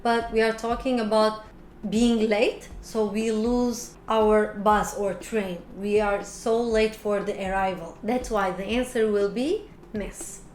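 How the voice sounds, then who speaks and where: A woman English teacher explaining quiz answers in slow, careful steps. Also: medium pitch, fairly even intonation, darkish tone. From Turkey. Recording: echoey room with faint noise.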